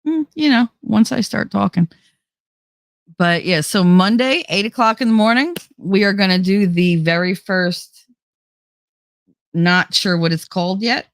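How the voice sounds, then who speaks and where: A woman's voice: medium pitch, unhurried, dry recording, clean studio sound. A middle-aged woman hosting a casual livestream, chatting with her viewers and reading their comments, laughing often and swearing freely. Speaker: livestream host.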